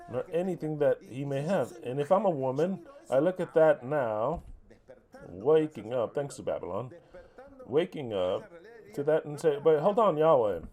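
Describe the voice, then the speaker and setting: A male preacher delivers a heated, combative sermon. His voice is warm and mellow and sits in a middle register. He mocks, curses and presses his listeners with rhetorical questions. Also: mid-range voice. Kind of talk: impassioned sermon.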